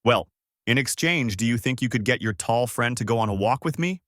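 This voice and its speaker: A man's voice: mid-range voice, expressive, fairly quick, fairly bright tone, dry recording, studio quality, natural voice. Master Roshi, a sly old master, as a man puts him on. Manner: drawling with hesitant fillers. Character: old male martial arts master, lecherous and playful.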